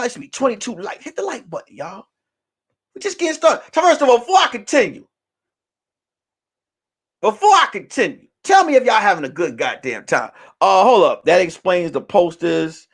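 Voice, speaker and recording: Male streamer host: high, very lively voice, profane storyteller, from whispers to shouts. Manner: animated, profane, swings from hushed whispers to shouting. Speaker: show host. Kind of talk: casual storytelling on a livestream.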